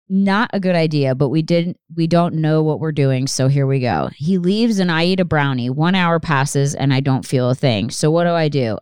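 A woman's voice: sits low, darkish tone, clean tone, no echo, studio quality. A young woman hosting her own podcast, rambling and swearing casually with lots of fillers and restarts. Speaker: podcast host. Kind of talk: casual solo podcast chat.

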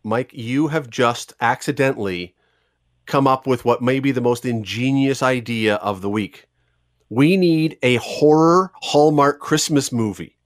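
A man hosting a radio show, chatting casually and spinning playful, drawn-out stories. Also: medium pitch, no room sound, clean studio sound. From Canada. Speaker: radio host.

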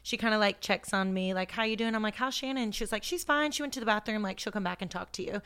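A woman's voice: mid-range voice, quick pace, fairly bright tone, clear, resonant tone. A young woman co-hosting a podcast in casual chat, retelling a night out with quoted dialogue and an amused tone. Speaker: podcast co-host.

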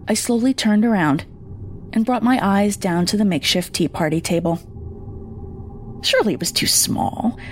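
A woman narrating a first-person horror story in a measured, somber way. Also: on the low side, a little mellow, slight background noise.

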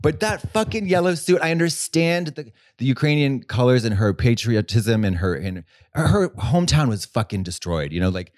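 Male podcast co-host, casual and profane, rambling delivery, mid pitch, dry close mic. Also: sing-song, moderate pace, hardly any pauses, a little mellow, dry recording. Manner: rambling, profane, full of restarts and fillers. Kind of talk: casual chat.

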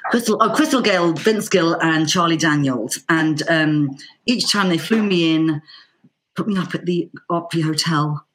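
A middle-aged Irish woman, a banjo player, telling a casual anecdote in a lively way, acting out the voices she quotes. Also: sits low, normal speed, a little hiss or hum. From Ireland. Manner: lively, acts out quoted voices with lots of fillers. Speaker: banjo player and teacher guest.

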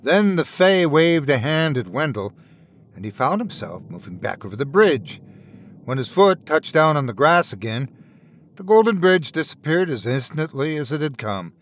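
A man narrating a dark fairy tale in an expressive, dramatic storytelling manner. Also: a little high, moderate pace. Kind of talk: scripted horror story narration.

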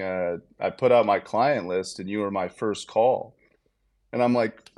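A man's voice: low voice, a little slow, no echo. Guy in his 30s telling a story on a podcast, lots of "you know" and "i go", dead dry room. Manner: animated, acts out quotes with lots of fillers. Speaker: podcast guest, baseball player. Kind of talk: casual storytelling.

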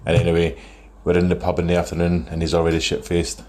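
A man's voice: deep voice, completely flat delivery, quick pace, a little mellow. A man in his thirties, telling a long, rambling story in a phone voice note and chuckling as he goes. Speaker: caller sending a voice note. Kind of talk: casual storytelling.

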